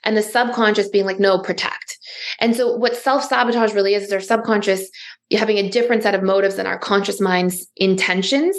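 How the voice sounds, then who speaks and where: A woman's voice: mid-range voice, fairly even intonation, a little fast. A woman therapist, a podcast guest, explaining ideas fluently with everyday examples and a lot of "like". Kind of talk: explanatory interview talk.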